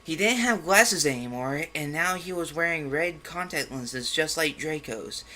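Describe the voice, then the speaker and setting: Male comedic reader, bright and fairly high-pitched, sarcastic and exasperated, faint background hum. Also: expressive, a little slow. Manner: mocking, exasperated outbursts. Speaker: comedic fan fiction reader. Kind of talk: sarcastic dramatic reading with commentary.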